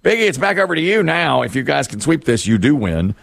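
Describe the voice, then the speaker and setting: A man's voice: fairly high pitch, very animated, fast, creaky, fairly bright tone, no room sound. A man hosting a radio quiz game, rereading the question and joking with the panel. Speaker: radio game show host.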